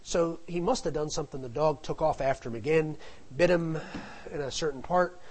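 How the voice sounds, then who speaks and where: Speaking briskly in a fairly high, darkish-toned voice, a middle-aged man shares a family anecdote. He is a storyteller who rambles casually, drifting into digressions and frequent asides, and the audio is poor.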